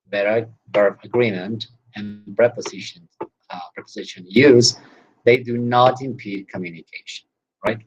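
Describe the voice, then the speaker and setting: A man's voice: fairly low pitch, highs cut off, slight background noise. A man teaching English in an online class, explaining at length and tagging his points with "right?" and "you know".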